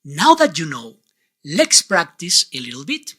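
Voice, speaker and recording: Slow, lively male Spanish teacher. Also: a little high. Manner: clear, deliberate teacher's delivery with quiz questions. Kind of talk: online pronunciation lesson.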